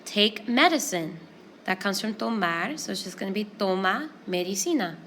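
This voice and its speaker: A woman teaches a Spanish lesson, walking through each rule in a clear, patient, step-by-step way. Her voice sits at a medium pitch, with a faint hiss of noise behind it. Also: normal speed. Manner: clear, explanatory, steady step-by-step pacing. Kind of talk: classroom grammar lesson.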